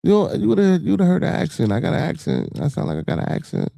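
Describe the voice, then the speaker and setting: This podcast host's voice is high-pitched, gravelly, and mellow, with wildly swooping pitch, and he talks fast in a dry recording. Hosting a live stream with a Chicago accent, he chats loosely with viewers, swears freely, and fills his speech with "you know what I'm saying."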